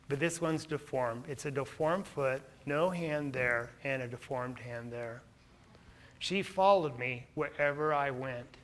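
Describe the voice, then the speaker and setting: A man, a missionary speaker, tells stories from his trips over photos with earnest feeling that turns lively. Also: fairly high pitch. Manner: earnest, turning lively and laughing in anecdotes. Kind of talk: storytelling slide presentation.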